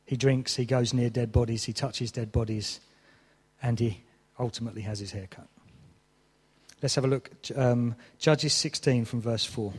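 A man's voice: medium pitch, fairly even intonation, normal speed, husky, big-room sound. A man preaching a sermon, telling a story with mock exasperation.

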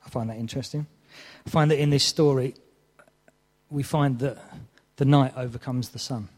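A man's voice: medium pitch, steady tone, moderate pace, a little mellow, in a large hall. A man preaching a sermon, telling a story with mock exasperation.

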